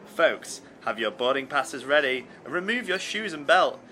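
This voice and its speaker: English man, mock-serious comic commentator, bright lively voice. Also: fairly high pitch, moderate pace, a little hiss or hum. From England. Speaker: radio presenter. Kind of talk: scripted sketch comedy.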